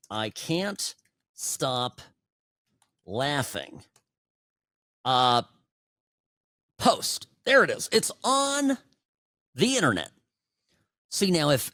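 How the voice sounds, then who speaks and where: A man's voice: medium pitch, fairly bright tone, no room sound, clean studio sound. A man in his forties hosting a political talk show, giving opinionated commentary in a sarcastic, conversational way with many asides. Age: 40s.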